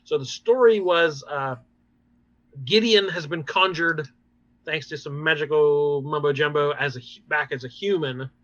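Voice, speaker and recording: A podcast host recaps episodes in a casual chat, lively and rambling, full of fillers and little laughs. His voice is on the high side, bright and almost tense, and he speaks a little slowly. The recording is dry and dull, like a lo-fi mic, with no echo.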